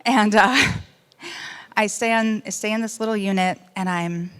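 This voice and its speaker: A woman speaks about her life in an emotional first-person storytelling speech. Her voice sits at an ordinary middle pitch. She swings from bursts of loudness to near-hushed lines and slips dry humor into serious moments. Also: measured pace, clean tone. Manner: animated, swings between loud outbursts and hushed moments. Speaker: speaker giving personal testimony.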